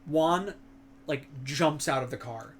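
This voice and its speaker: A man's voice: a little high, slow, breathy edge. A young man chatting casually as a stream co-host, telling long rambling stories full of fillers and crude words. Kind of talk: casual chat.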